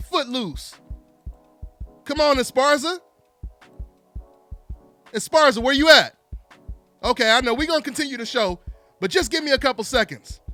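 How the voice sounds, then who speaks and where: Casual: guy with a really high, sharp voice running a live call-in sports show, teasing and goading listeners, saying the same thing again and again, faint music underneath. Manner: animated, taunting, repeats himself. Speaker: boxing talk show host. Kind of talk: solo live call-in boxing talk.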